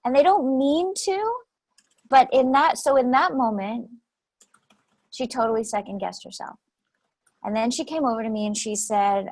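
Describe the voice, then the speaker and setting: A woman guest shares stories in an interview, her voice sitting a little high. She talks animatedly and repeats key phrases to drive them home. The sound is dry and close, with no room around her. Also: normal speed, pauses often, dry recording, low-quality recording. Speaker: guest speaker coach. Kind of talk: conversational interview storytelling.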